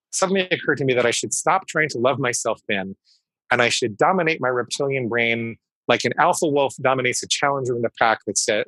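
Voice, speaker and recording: A man in his fifties speaks as an interview guest with a bright, crisp tone, and the sound is dry and close. He explains things emphatically and comes back again and again to his key phrases. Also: mid-range voice, no room sound, poor audio. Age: 50s. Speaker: guest psychologist. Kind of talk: conversational interview storytelling.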